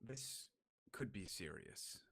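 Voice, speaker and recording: Deep-voiced formal man at tabletop. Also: animated, vocal fry, fairly bright tone, slightly rough. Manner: formal, courteous, measured. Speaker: player. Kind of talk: in-character tabletop role-play.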